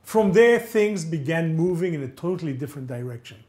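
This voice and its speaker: Highly animated man telling a story. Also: brisk. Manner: animated, acts out dialogue with shifting voices. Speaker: lecturer. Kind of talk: dramatic first-person storytelling lecture.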